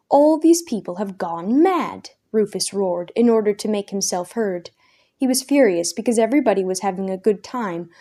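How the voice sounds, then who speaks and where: Woman storyteller, mellow tone, middle pitch, reads an expressive children's book aloud. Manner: expressive, raises her voice for characters' lines.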